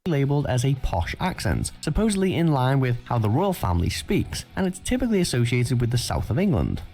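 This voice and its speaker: A man's voice: medium pitch, sing-song, brisk, darkish tone. A man narrating a scripted countdown list video with an emphatic delivery.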